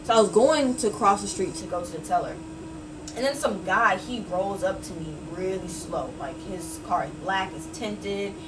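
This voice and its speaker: A woman's voice: mid-range voice, moderate pace, far from the mic, background noise. A woman in her early twenties, a podcast guest telling a personal story in casual chat, with many "like" and "you know what I'm saying" fillers. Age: early 20s.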